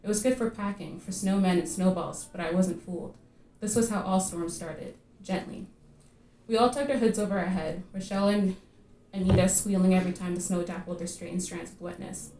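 A woman reading her own fiction aloud at a live literary reading, measured and vivid in her storytelling. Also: fairly low pitch, steady tone, warm tone, distant mic, a little hiss or hum. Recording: echoey room at a live reading.

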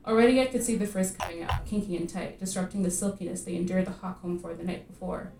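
A woman reading her own fiction aloud at a live literary reading, measured and vivid in her storytelling. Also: fairly low pitch, recorded from a distance, background noise. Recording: echoey room at a live reading.

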